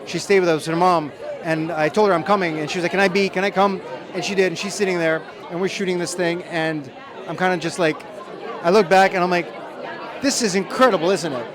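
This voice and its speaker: Man with a high voice over crowd chatter. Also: steady tone, a little fast. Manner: chatty, self-deprecating anecdotes. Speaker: film director. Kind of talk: press junket interview. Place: outdoors at a busy premiere. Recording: crowd noise behind.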